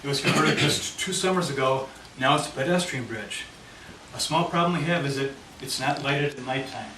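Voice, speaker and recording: A man of mid-range pitch, speaking at normal speed, presents at a committee meeting by walking the audience through a handout map of his neighborhood. It's recorded in a meeting room that echoes, with the mic placed far off and noise throughout.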